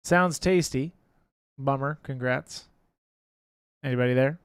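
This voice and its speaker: A man hosting a casual livestream giveaway, calling out winners' names loudly and joking between them. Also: a little high, slow, clear, resonant tone, no echo, clean studio sound.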